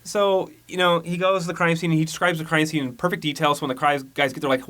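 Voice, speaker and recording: A man's voice: a little high, expressive, fast, fairly bright tone. Podcast co-host, man, loose rambling recap, slips into character voices. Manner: rambling storyteller, acts out characters' lines. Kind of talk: casual movie recap chat.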